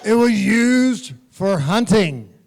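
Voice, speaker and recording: A middle-aged man from the United States talks on a convention stage, a touch higher in pitch than most men. He tells stories with animation and keeps breaking into laughter as he goes. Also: takes it slowly, creaky. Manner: animated anecdotal storytelling, laughing often. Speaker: guest actor.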